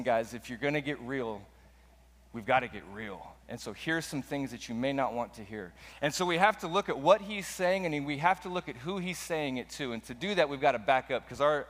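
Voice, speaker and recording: A man's voice: on the high side, a bit bright, in a large hall. A man preaching a sermon as pastor, earnest and emphatic, often repeating his points.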